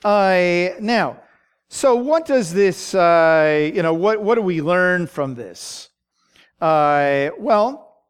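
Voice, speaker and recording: A man teaching a Bible study, talking in a halting way with many fillers and frequent "okay?" check-ins. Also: high-pitched, clear, resonant tone.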